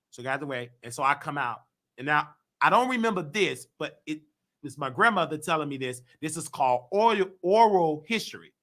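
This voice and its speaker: Chicago guy hosting his live stream, slangy animated storytelling, acts out everybody's voices. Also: fairly high pitch, a little fast. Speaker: host of a YouTube talk show. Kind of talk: live-stream call-in monologue.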